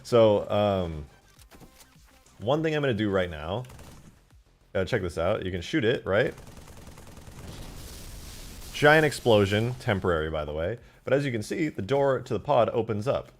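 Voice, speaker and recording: A man commentating his game modding on a live stream, excitable and foul-mouthed, swinging into loud outbursts. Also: lowish voice, a little slow, long pauses, slight background noise. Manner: excitable, swears a lot, flares into loud outbursts.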